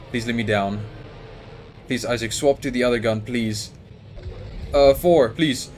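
A young gaming YouTuber does let's play commentary in a mid-range voice at normal speed, pausing often as he panics aloud and talks to both his character and the monster. Faint game music plays behind him, with slight background noise.

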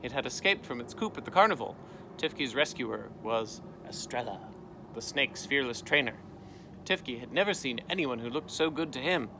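A man, a teacher, reading a storybook aloud outdoors, with lively voices for the characters and a gentle sign-off. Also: mid-range voice, normal speed, background noise. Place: outdoors in a canoe.

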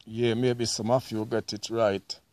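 A man's voice: lowish voice, level tone, measured pace, darkish tone, no echo. A man with a Jamaican accent, talking to viewers in a casual vlog and quizzing them, recorded outdoors on a farm. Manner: quizzing viewers, acting out vendor calls. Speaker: vlogger.

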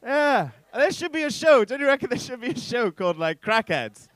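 Young guy doing stand-up, rambly and self-deprecating, lots of swearing, smooth clear voice, stage mic. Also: very high-pitched, very animated, brisk, fairly bright tone, no room sound. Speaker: stand-up comedian. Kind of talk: stand-up comedy set. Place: comedy club stage.

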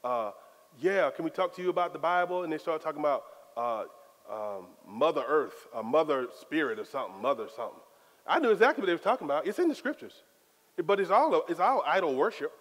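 A man preaching a sermon as pastor, in a lively, conversational style full of casual Southern phrasing. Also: on the high side. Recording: long hall reverb.

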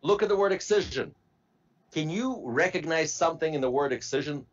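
A man teaching medical terminology to a class, slowly spelling out word parts and asking students to repeat. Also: fairly high pitch, animated, lo-fi sound. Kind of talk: classroom lecture.

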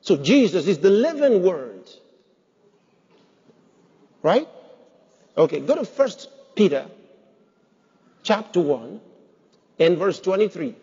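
A man's voice: sits high, sing-song, slow, pauses often, mellow, husky. A man preaching a sermon as pastor, emphatic, putting rhetorical questions to his congregation. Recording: dull sound with long hall reverb.

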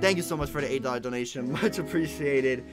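A young man hosting a casual gaming livestream, excitable and chatty, yelping at mishaps and thanking donors aloud. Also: mid-range voice, fast, music in the background. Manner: excitable, loud yelps, reads donations aloud. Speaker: livestream host.

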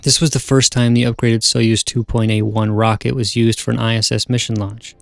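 A man's voice: medium pitch, flat delivery, normal speed, vocal fry, soft background music. Man narrating spaceflight history evenly. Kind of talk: scripted narration.

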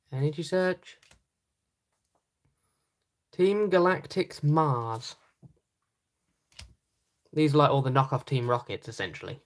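A British woman hosting a casual card-sorting video, making dry, teasing asides. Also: low voice. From Britain. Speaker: channel host. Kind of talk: casual unboxing chat while sorting cards.

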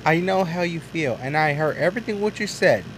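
A man's voice: fairly high pitch, animated, fairly quick, slight background noise, natural voice, rough recording. A man voicing a young male toy truck who is guilty and anxious, stammering through apologies in a hobby toy drama. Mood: apologetic.

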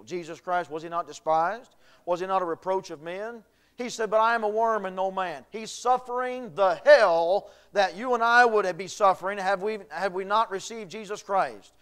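A man's voice: high-pitched, a bit bright, smooth. A male pastor preaching a sermon, reading scripture aloud and building in intensity. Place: church.

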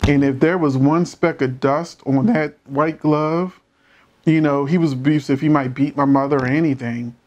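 A man's voice: on the high side, moderate pace, dull audio. Emphatic man giving blunt opinions. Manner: animated, emphatic, rhetorical questions; holds back from cursing. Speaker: commentator reacting to a court show. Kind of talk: casual opinionated commentary.

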